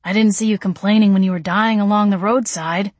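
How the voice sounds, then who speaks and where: A woman's voice: medium pitch, steady tone, a little fast, a little mellow, dry recording, natural voice. A woman voicing an old-fashioned male vampire lover, bemused and soothing. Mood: dry.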